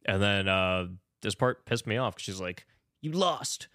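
A man casually recapping a film on a podcast, animated and exasperated, swearing freely and acting out the characters' lines. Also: deep voice, moderate pace, smooth, no echo, clean studio sound. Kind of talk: casual profane movie recap chat.

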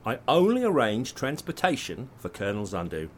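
A man voicing a flustered, indignant shopkeeper whose pitch jumps wildly as he protests. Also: huge pitch swings, moderate pace. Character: nervous shopkeeper protesting arrest.

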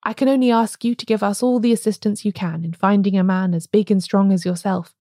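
Woman voicing a friendly easygoing inspector, mellow tone. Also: mid-range voice, fairly quick, no echo, clean studio sound, close to an everyday voice. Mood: genial. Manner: genial, easygoing. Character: affable male police inspector.

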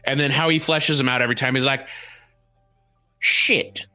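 Male podcast co-host, casual movie chat, animated and jokey, bright tone, faint music behind. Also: medium pitch, rapid-fire. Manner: animated, joking, slips into silly impressions.

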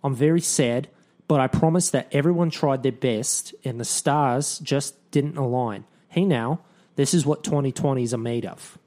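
A man's voice: medium pitch, normal speed, mellow. A man co-hosting a podcast in a casual, jokey, chatty way, full of asides. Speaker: podcast co-host.

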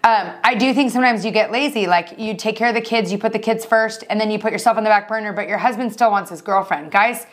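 A woman in her thirties co-hosting a podcast, chatting casually and teasing her friend, quick to laugh. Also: mid-range voice. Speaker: podcast co-host. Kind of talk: casual chat.

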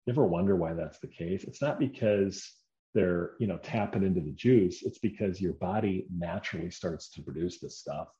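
Casual male vlogger: low, mellow voice, animated and chatty, dull echoey recording. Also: normal speed. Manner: animated, chatty, mild swearing, self-mocking. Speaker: fitness vlogger. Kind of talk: casual vlog talk. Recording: echoey room, dull sound.

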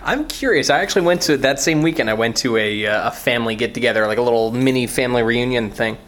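A man's voice: mid-range voice, quick pace, a bit bright. A man in his thirties co-hosting a casual podcast, rambling and swearing freely as he tells stories. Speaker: podcast co-host. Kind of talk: casual chat.

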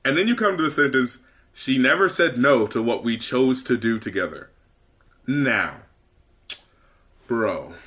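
A man's voice: medium pitch, lively intonation, a little slow, long pauses, a bit bright. A man co-hosting a podcast in casual chat, swearing and laughing often. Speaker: podcast co-host.

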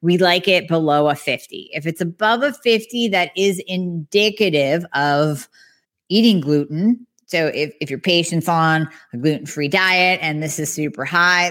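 A woman podcast host, a health practitioner, talking through lab results in a lively, conversational way. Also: on the low side. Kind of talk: casual explanatory podcast talk.

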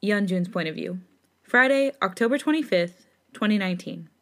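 A woman podcast host narrates fan fiction in a steady third-person read, slipping into laughing asides. Her voice sits mid-pitched. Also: fairly quick. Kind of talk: reading fan fiction aloud.

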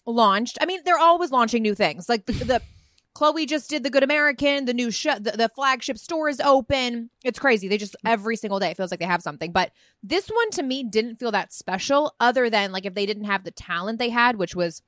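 A woman's voice: on the high side, lively intonation, brisk, fairly bright tone, no echo, clean studio sound. A woman in her thirties co-hosting a podcast, chatty and gossipy in casual conversation. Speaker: podcast co-host. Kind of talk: casual chat.

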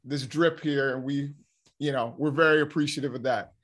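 A man's voice: medium pitch, steady tone, moderate pace, fairly bright tone. A male talk show co-host who is a little out of breath, chatting casually and then asking long interview questions.

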